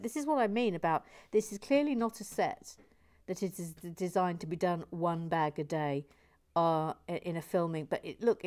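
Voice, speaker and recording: A woman hosting a building stream, reading viewer comments aloud in a playful way, slipping between soft whispers and bursts of mock indignation. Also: on the low side. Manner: reads viewer messages aloud with hesitant restarts. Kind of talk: chatty live-stream commentary while building.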